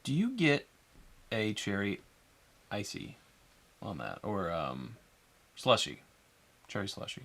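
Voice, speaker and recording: A man co-hosting a live whiskey tasting, joking and talking in an animated way. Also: fairly low pitch, vocal fry. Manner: animated, playful, quick to joke. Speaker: co-host of a whiskey tasting livestream. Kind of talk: casual chat.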